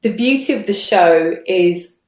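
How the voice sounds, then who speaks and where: Lively woman in a roomy echo. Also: unhurried. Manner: animated, acts out quotes with big pitch jumps, frequent restarts. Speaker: guest, singer-songwriter and radio host. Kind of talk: casual interview chat.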